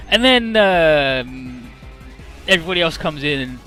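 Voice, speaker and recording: A man's voice: on the high side, lively intonation, unhurried, sharp tone, soft background music. A man casually recapping a game's story with lots of fillers and swearing. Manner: casual, profane, filler-heavy. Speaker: game commentator. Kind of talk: casual let's play recap.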